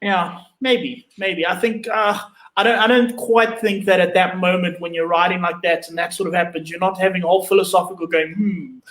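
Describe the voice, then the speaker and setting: A man's voice: high-pitched, steady tone, fairly quick, hardly any pauses, fairly bright tone, roomy sound, rough recording. A man co-hosting a casual motorsport chat from home over a video call, loose and hesitant with wry asides. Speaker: co-host. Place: home room.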